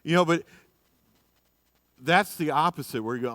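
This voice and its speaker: Joking, chatty pastor, dry sound. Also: male voice, a little high, normal speed, dry recording. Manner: chatty, joking, swings from quiet asides to loud bursts. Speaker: pastor teaching a class. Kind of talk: casual Bible teaching. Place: church.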